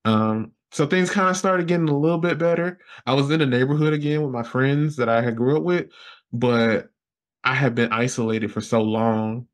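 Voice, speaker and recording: A man as a podcast guest telling a personal story in casual interview talk, rambling with fillers and jumping high in pitch when he quotes others. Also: normal speed. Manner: animated, jumps high when quoting others.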